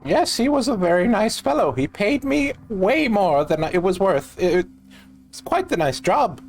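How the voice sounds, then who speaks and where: A man's voice: sits high, big pitch swings, unhurried, pitched above the performer's own voice, full character voice. A man voicing a crotchety little old male tailor, talking in a fussy, polite shopkeeper way. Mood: chatty. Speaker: game master voicing a shopkeeper.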